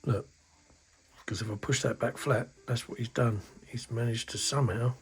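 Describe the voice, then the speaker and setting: A man's voice: medium pitch, steady tone, normal speed, a little hiss or hum. A middle-aged man from the UK chatting casually about his model kit, grumbling and exasperated, swearing under his breath. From United Kingdom. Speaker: scale model hobbyist. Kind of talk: casual hobby video chat. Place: indoors at a hobby workbench.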